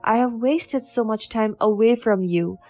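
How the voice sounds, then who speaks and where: A woman's voice: on the high side, measured pace, dark tone. A woman voicing a remorseful middle-aged man who tearfully pleads for forgiveness, over faint background music. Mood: pleading.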